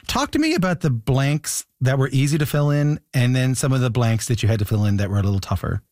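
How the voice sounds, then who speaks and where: A man's voice: medium pitch, lively intonation, fast talker, a little mellow, studio quality. A man hosting a radio interview, asking probing questions and echoing his guest's words back. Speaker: radio host.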